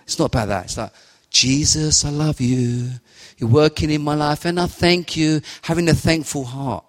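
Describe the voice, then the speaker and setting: A man's voice: on the high side, moderate pace. Guy preaching, fervent and repetitive, big echoey church hall. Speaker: lay preacher. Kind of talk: sermon and spoken prayer. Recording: long hall reverb.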